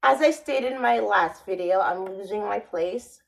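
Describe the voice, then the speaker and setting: A woman talks to camera in a casual vlog monologue, taking her time with an unhurried, drawn-out delivery. She rambles and restarts her sentences, with a dry, sardonic edge. Her voice sits at an ordinary middle pitch. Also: vocal fry, rough recording. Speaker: vlogger.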